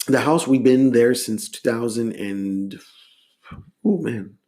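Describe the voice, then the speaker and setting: A middle-aged man from Los Angeles, a musician, telling stories in a relaxed, casual interview. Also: mid-range voice, slow. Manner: relaxed storyteller, many fillers and restarts. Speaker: guest musician.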